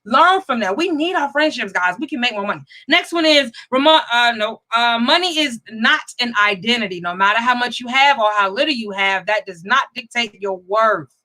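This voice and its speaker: High bright-voiced energetic woman host. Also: fairly quick, hardly any pauses, rough recording. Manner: energetic, chatty, greets viewers by name. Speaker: host of a live money talk show. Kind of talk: live-stream show talk.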